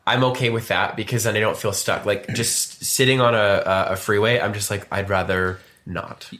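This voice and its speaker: A man's voice: fairly low pitch, fairly even intonation, a little fast, a bit bright. A man, co-hosting a podcast and rambling through a story with many restarts. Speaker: podcast co-host. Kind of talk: casual chat.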